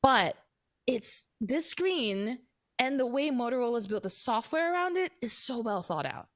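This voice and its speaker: A woman hosting a tech podcast, talking casually and animatedly with lots of fillers and quick laughs. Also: on the high side, animated. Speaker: podcast host.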